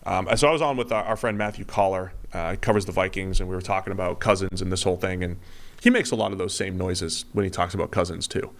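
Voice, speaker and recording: Slightly low-voiced man chatting football. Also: fast talker. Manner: rambling, mimics hesitant noises for effect. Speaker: podcast co-host. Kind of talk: casual sports podcast chat.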